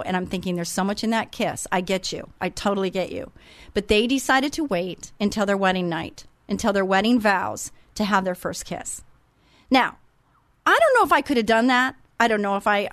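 A woman's voice: mid-range voice, fairly bright tone, dry recording. A middle-aged woman hosting a faith-based radio talk show, speaking in a heartfelt, sentimental way. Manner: heartfelt, sentimental, openly emotional.

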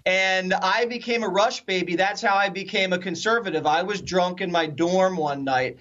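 A man from the Philadelphia area telling stories as a guest in a conversational interview, animated and acting out the quotes. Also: sits high, moderate pace, muffled recording. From Philadelphia area, USA. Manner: animated storyteller, acts out quotes.

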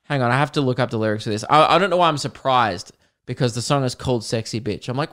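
A man's voice: mid-range voice, animated, quick pace, fairly bright tone. Rambling Australian man podcasting. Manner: rambling, swears, sings song snippets. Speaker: podcast host. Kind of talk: casual solo podcast storytelling.

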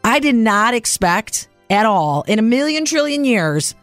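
A woman's voice: fairly high pitch, sing-song, unhurried, no room sound, soft background music. A woman hosting a radio show, chatting earnestly and personally at length. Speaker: radio host. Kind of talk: casual radio chat.

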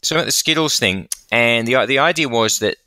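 Bright man telling stories. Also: mid-range voice, moderate pace, no echo. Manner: animated comic storytelling. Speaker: podcast co-host. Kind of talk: casual chat.

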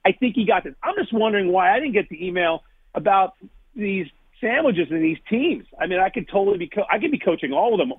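Husky-voiced man on a phone line. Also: sits high, expressive, quick pace, no room sound. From New Jersey. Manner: chatty, self-deprecating, laughs often. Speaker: food challenge TV host, guest. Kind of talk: casual interview chat. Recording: tinny phone-line call.

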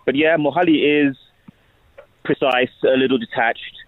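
A man's voice: medium pitch, moderate pace, no room sound. A man with a South London British accent, an actor chatting animatedly as a radio interview guest. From UK, South East London. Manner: animated, playful, restarts often. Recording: tinny phone-like line.

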